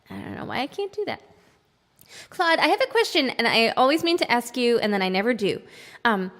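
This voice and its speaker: A woman's voice: a little high, a bit bright, big-room sound. A woman who sings and plays, hosting a live stream and chatting casually with viewers between songs, rambling and greeting people by name mid-thought. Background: her own acoustic guitar.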